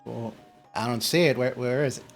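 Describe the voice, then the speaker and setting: A man's voice: mid-range voice, fairly quick, creaky, faint music behind. Rambling male game master. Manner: rambling, full of fillers and restarts. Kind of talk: narrating a tabletop game.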